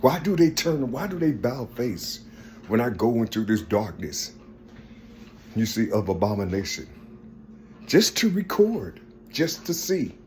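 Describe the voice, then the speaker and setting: A man in a rambling personal monologue, halting and repetitive, often asking "you see?" and trailing off softly. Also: fairly low pitch, big pitch swings, slight background noise. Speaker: speaker sharing personal visions.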